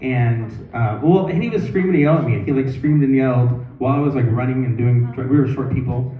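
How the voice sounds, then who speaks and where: A man's voice: medium pitch, quick pace. A man in his fifties doing rambling open-mic stand-up with lots of fillers and restarts. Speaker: stand-up comic. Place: comedy club stage. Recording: distant, roomy, tinny phone-like recording.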